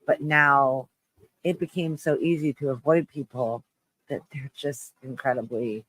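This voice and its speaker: A man hosting a live stream, chatting with viewers in a low, shaky-voiced mood, halting and restarting as he rambles. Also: steady tone, a bit bright, no room sound, low-quality recording. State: shaky voice, close to tears. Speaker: livestream host.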